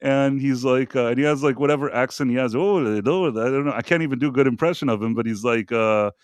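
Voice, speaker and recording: Male host, mid pitch, loose rambling storyteller, dry booth sound. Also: fast, dry recording. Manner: rambling, many fillers and asides. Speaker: podcast host. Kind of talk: casual storytelling on a live show.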